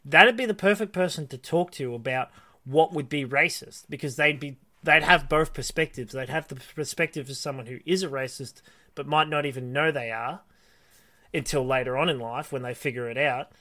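A man's voice: fairly high pitch, moderate pace, no room sound. A man co-hosting a casual podcast chat, rambling and restarting his sentences as he tells stories. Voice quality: bright, rambling with many restarts. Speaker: podcast co-host.

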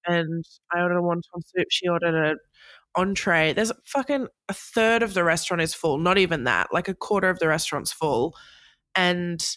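A woman with a lowish voice rambles through anecdotes on a pop culture podcast, laughing easily. She sounds a little under the weather. The sound is dry and close. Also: fairly bright tone, no room sound. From Australia. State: a bit sick. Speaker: podcast co-host. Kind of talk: casual chat.

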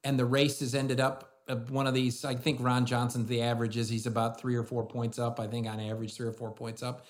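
A man's voice: mid-range voice, level tone, brisk, few pauses. A man commentator giving blunt political opinions in conversation. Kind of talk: political chat.

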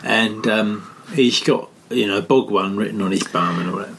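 A man's voice: fairly low pitch, normal speed, vocal fry, fairly bright tone, breathy edge. A man co-hosting a comedy podcast, telling an anecdote and acting out the dialogue with lots of "I says". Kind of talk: comic anecdote chat.

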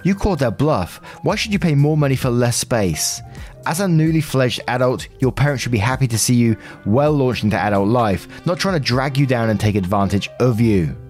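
A man's voice: medium pitch, expressive, brisk, darkish tone, soft background music. A man hosting a story channel, reading posts and commenters' replies aloud and adding his own dry opinions.

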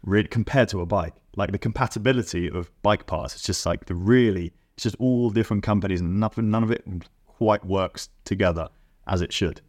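A young man co-hosting a podcast, chatting casually with quick asides and teasing questions. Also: lowish voice, a little mellow. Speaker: podcast co-host. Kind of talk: casual chat.

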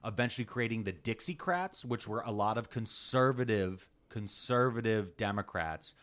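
Animated man explaining history on a podcast. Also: on the low side, moderate pace. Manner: animated storyteller, reads aloud in a put-on Southern drawl. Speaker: podcast co-host. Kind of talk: casual political history chat.

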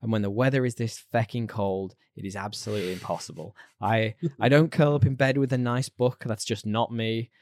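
A man's voice: lowish voice, brisk, hardly any pauses, darkish tone, no echo, studio quality. A man co-hosting a podcast in casual chat, chatty and playful, laughing easily. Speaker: podcast co-host.

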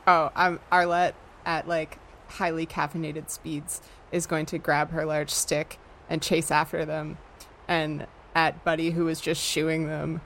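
A woman playing a tabletop game, describing her character's actions in a quick, upbeat way. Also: low-pitched, little pitch movement, a bit bright, slight background noise. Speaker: player.

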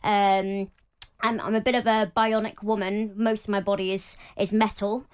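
A young woman talking openly as an interview guest, chatty and animated, with lots of fillers. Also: mid-range voice, moderate pace, clear, resonant tone. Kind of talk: casual interview talk.

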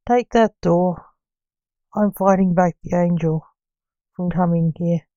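Woman voicing a calm, instructive guide. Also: fairly low pitch, slow, no room sound, lo-fi sound.

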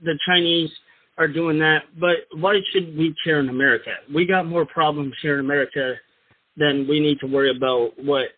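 A man co-hosting a talk radio show, answering in a hesitant, halting way with repeated words. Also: a little high, fairly even intonation, dry recording. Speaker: radio co-host. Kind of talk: casual talk radio chat. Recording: dry, tinny phone-like sound.

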